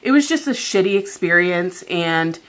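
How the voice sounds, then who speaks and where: A woman's voice: fairly low pitch, animated, moderate pace. A woman vlogger telling a story at home in a casual, chatty way, with lots of "like" and an exasperated, venting tone. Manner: chatty, heavy filler "like", exasperated retelling.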